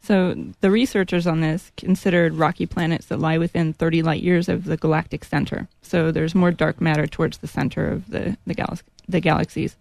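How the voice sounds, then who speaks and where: A man from California co-hosting a radio talk show, explaining a science story in a relaxed way. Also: a little high, fairly quick, gravelly, few pauses, no room sound.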